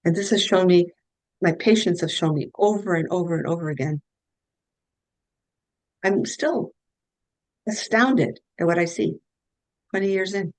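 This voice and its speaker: A woman's voice: fairly low pitch, unhurried, pauses often, darkish tone, dry recording, poor audio. A middle-aged woman, a guest health practitioner, telling case stories in an earnest, anecdotal way and restarting her sentences often. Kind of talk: conversational interview storytelling.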